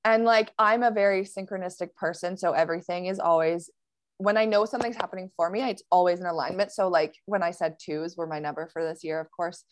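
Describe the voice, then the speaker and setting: A woman guest on a podcast, telling a personal story in a casual, animated way with many fillers and quick laughs. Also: fairly low pitch, no room sound.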